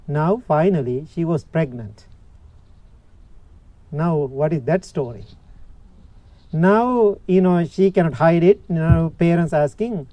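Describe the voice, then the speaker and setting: A man giving a dharma talk, with a fairly high but mellow, soft-edged voice. He tells the story in simple, unhurried phrases and puts questions to his listeners. The sound is dry and a little muffled. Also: no room sound. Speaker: Buddhist teacher.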